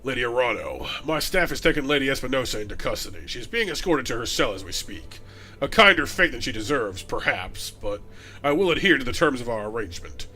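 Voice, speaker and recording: A man's voice: very animated, brisk, pushed and bright, faint music behind. A man doing a grave, solemn old lord. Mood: solemn gravity. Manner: solemn, formal and lowered. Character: grave older nobleman lord, grieving father.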